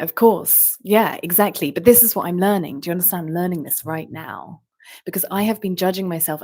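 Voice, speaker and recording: Woman vlogger, low-ish voice, loose rambling musings full of fillers and asides. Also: mellow. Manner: meandering, full of fillers and rhetorical questions. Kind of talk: rambling stream-of-consciousness monologue.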